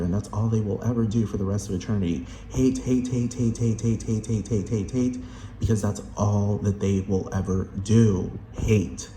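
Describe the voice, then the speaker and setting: A man rants with heavy profanity, circling back and repeating himself for emphasis. His voice sits on the lower side, and the recording has a roomy echo with a faint steady hum underneath. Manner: emphatic, rambling, repetitive. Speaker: vlogger. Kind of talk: profane rant.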